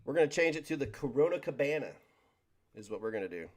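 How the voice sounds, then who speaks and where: A very animated man with a mid-range, darkish-toned voice talks fast on a casual livestream, reading chat, rambling, joking and stumbling over his words.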